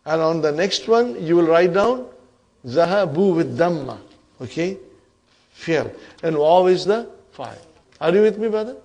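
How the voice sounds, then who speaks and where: A man's voice: fairly high pitch, lively intonation, unhurried, gravelly, a little mellow. A man teaching an Arabic grammar class, quizzing students and checking in with "huh?" and "okay?" as he goes. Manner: addresses class as brothers and sisters.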